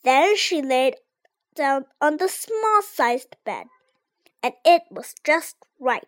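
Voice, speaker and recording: A child reads a storybook aloud with a high, lively voice that rises and falls a lot. The reading is slow and careful, each phrase set apart. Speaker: reader.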